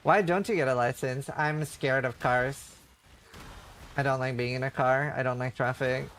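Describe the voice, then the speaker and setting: A man's voice: mid-range voice, steady tone, normal speed, a bit bright, slight background noise. A male streamer telling stories in casual livestream chat, rambling with lots of fillers. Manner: rambling storytelling, heavy on fillers.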